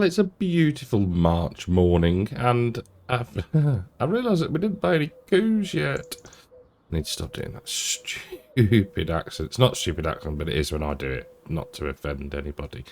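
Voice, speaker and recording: A man's voice: low voice, darkish tone, slight background noise. A man giving casual, rambling commentary while playing a farming game, often chuckling to himself. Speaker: gaming YouTuber.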